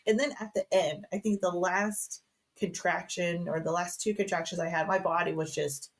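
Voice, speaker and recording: A woman's voice: on the low side, steady tone, moderate pace. A woman guest on a podcast, telling a personal story in a chatty way with lots of fillers and restarts. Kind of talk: casual podcast conversation.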